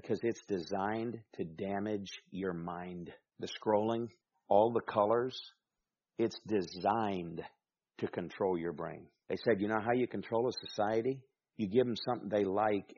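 A man's voice: lowish voice, a little slow, warm tone, dull audio. A man with a Southern American accent preaching a sermon, folksy, with rhetorical questions and humorous asides. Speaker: pastor.

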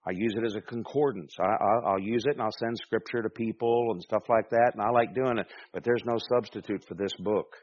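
A man's voice: on the low side, brisk, few pauses, a little mellow, lo-fi sound. A man preaching a sermon as pastor, emphatic, with rhetorical questions and calls for amen.

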